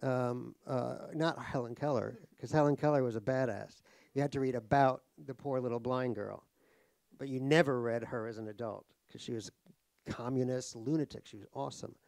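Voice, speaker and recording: A man's voice: medium pitch, fairly even intonation, moderate pace, creaky, a little mellow, dry recording. Middle-aged new guy, author telling self-deprecating stories, lots of ums and restarts, dry close sound. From United States (New York). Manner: wry, self-deprecating, laughs at his own jokes; rambling, with many fillers and restarts. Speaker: author guest in a stage conversation. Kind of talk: comic anecdotal storytelling. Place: live talk at a cultural center.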